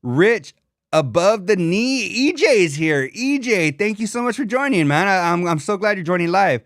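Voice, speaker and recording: A young man co-hosting a casual comedy podcast, animated and swearing, slipping into mocking voices of others. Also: high voice, normal speed, no echo, clean studio sound. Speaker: podcast co-host.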